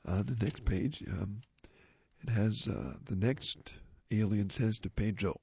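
A man's voice: on the low side, slow, vocal fry, warm tone, breathy edge, no echo. A man reading a magazine aloud for a radio reading service, describing the pictures off the cuff in a casual way. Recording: muffled lo-fi recording.

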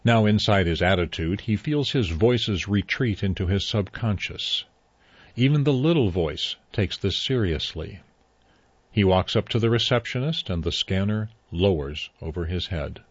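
A man reading a story aloud in a measured, even way. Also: lowish voice, slightly rough, dry recording, dull audio. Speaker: narrator. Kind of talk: scripted story narration.

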